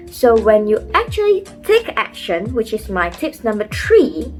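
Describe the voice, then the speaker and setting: Earnest young woman giving advice. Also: a little high. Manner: earnest, acts out quoted thoughts. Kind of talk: motivational talk to camera. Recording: faint music behind.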